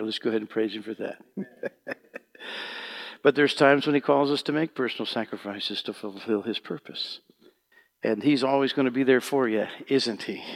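Gravelly-voiced man preaching a sermon. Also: mid-range voice. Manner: moves from hushed prayerful murmur to loud fervent calls. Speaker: pastor. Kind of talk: sermon with congregational worship.

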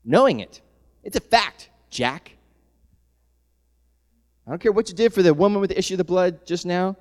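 A man preaching a sermon in a large church hall, his voice a little higher than most men's. The long reverb of the room trails after each phrase. He swings from soft, tender passages to fervent shouting, laughing often between points. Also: lively intonation, moderate pace. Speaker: pastor.

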